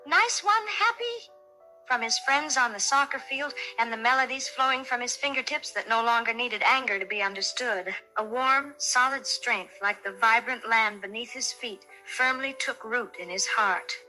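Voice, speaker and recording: A woman narrating a children's bedtime story in a soft, soothing way. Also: a little high, fairly even intonation, normal speed, few pauses, rough recording. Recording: narration over soft music.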